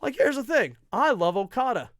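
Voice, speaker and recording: A man's voice: very high-pitched, moderate pace, dry recording. Guy ranting about wrestling, swears a ton, sarcastic, voice jumps all over, dry close mic. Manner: profane, sarcastic, animated. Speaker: wrestling show host. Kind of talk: casual rant to camera.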